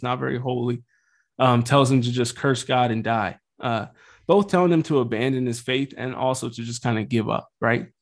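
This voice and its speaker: A man in his thirties speaking in an ordinary mid-range voice as he hosts a faith podcast. His talk is earnest and loose, full of restarts and asides. Now and then he lets a mild curse slip. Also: medium pitch. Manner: earnest, rambling, swears lightly. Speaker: Catholic podcast host.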